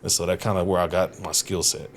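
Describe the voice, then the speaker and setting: A guest comedian on a podcast tells stories in a fast, low-pitched voice, swearing casually, laughing often and acting out what other people said. The chat is animated and loose, recorded in a podcast studio with slight background noise.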